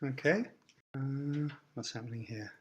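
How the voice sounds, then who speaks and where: A little slow and medium in pitch, this man lectures his university class, a speaker in his seventies with received pronunciation who often asks "okay?" and slips in foreign words. The recording is reverberant and lo-fi, with slight background noise.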